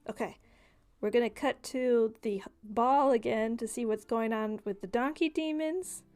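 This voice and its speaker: A woman's voice: a little high, normal speed, darkish tone. Casual woman narrating as game master. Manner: casual, filler-heavy narration.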